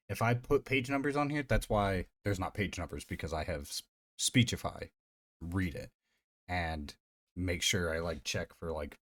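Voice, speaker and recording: A man streaming live, chatting casually in a rambling, profane way full of fillers. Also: low-pitched. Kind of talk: casual livestream chat.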